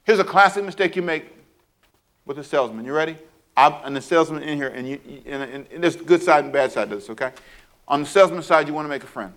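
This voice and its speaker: Man, pastor, sermon, animated, playful asides, slightly higher voice. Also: quick pace. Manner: animated, acts out scenes with sound effects and playful asides.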